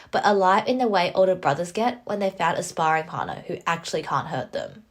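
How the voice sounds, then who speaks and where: A young adult woman reading visual novel narration aloud with expressive, wry asides. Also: on the low side, fairly quick, hardly any pauses.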